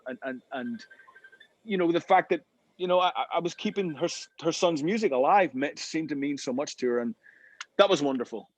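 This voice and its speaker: A man telling tour stories in a casual interview over a call, animated, often repeating words as he gets going. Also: on the high side, no echo. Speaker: interview guest, rock singer.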